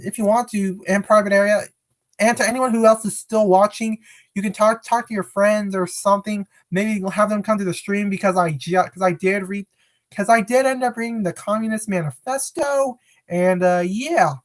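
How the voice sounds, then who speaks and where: A woman casually chatting on a live stream, rambling, correcting herself, and greeting viewers by name. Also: mid-range voice.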